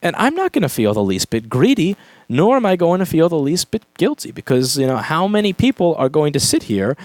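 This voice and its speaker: A man's voice: on the high side, big pitch swings, a little fast, a little mellow, no room sound. A man who runs a repair shop, giving an emphatic, profane vlog rant. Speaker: repair shop owner and YouTuber. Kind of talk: ranting vlog monologue.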